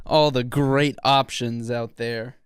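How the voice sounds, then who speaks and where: Young man, smooth clear voice, dry close mic, sarcastic podcast banter. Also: medium pitch, steady tone, slow pace, no room sound. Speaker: podcast co-host. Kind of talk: casual joking chat.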